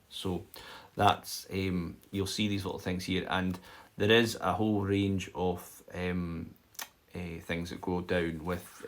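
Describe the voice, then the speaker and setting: A man teaching an informal live-streamed language lesson, chatty and explanatory, often checking in with "okay?" and filling pauses with "um". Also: deep voice. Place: home setup for a live stream. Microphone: phone or built-in mic.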